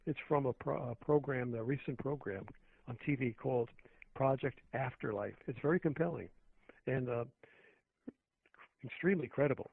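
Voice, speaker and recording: A man's voice: mid-range voice, moderate pace, vocal fry, long pauses, husky. A man, a radio show guest, talking earnestly and at length, with many restarts, over a phone line. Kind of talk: phone-in talk radio conversation. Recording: tinny phone line, dry.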